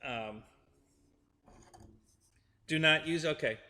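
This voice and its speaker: A man's voice: on the high side, drawn-out words, pushed and bright. Man, middle-aged, live stream host, casual joke-telling, chuckles, reverberant recording. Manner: rambling joke-telling, frequent restarts and chuckles. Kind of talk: casual chat with live chat viewers.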